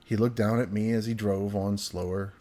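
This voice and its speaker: A man reading aloud a friend's funny childhood story, with an animated, hyperbolic delivery that swings from hushed to loud. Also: lowish voice, moderate pace.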